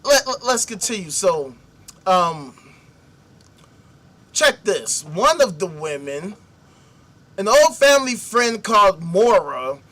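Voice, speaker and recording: A man with a high, bright voice hosts a talk show. He is animated and sarcastic, swearing constantly as he rants about an article he reads aloud. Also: slow, long pauses. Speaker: podcast host. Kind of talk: profane commentary reading a news article.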